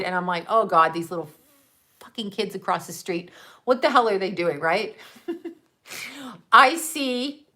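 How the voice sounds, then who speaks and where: A middle-aged woman casually telling a story, brash and animated, swearing freely and often laughing mid-sentence. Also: a little high. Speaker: mother and channel host.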